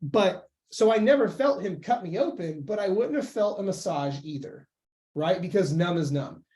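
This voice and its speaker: A young man talking as a podcast guest and weight-loss coach, emphatic and animated in casual conversation. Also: high-pitched, normal speed. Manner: emphatic, animated, acts out quoted voices.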